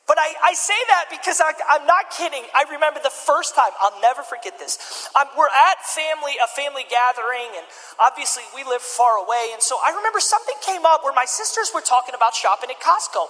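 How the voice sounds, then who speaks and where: A man's voice: very high voice, expressive, fast talker, bright, forceful tone, long reverb tail, poor audio. A male pastor in his thirties preaching a sermon in a loose, conversational, joking storytelling way.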